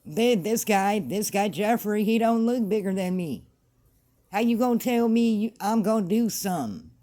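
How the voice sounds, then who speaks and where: A woman's voice: mid-range voice, expressive, normal speed, mellow. A woman vlogger ranting to camera in a casual, blunt and emphatic way, repeating her points. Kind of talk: casual opinion rant to camera.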